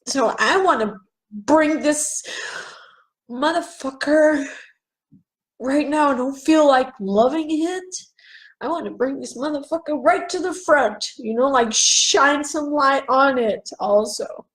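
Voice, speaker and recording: A woman's voice: high-pitched, slow, poor audio. A woman giving a raw, profane self-help monologue on a live video, questioning herself aloud.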